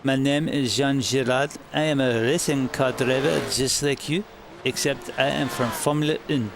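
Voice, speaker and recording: Boastful French racer, as a streamer puts him on, put-on accent, gravelly voice, noisy background. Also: male voice, medium pitch, steady tone, normal speed, close to an everyday voice. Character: boastful French male racing driver. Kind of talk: mock accent while streaming.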